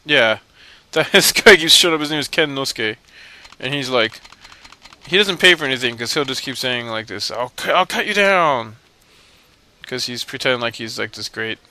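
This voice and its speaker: A young man talks through a video game in loose, rambling commentary, cracking jokes and poking fun at himself. His voice is bright and crisp, with a clear, smooth tone. He sits mid-range in pitch. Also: brisk. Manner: joking, rambling, self-mocking. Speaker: let's play host. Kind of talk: casual gameplay commentary.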